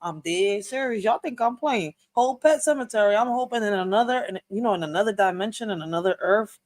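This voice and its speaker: A woman hosting a reaction video at a mid pitch. She talks in a slangy, chatty way and speaks straight to her viewers. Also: expressive, a little fast. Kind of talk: casual reaction commentary.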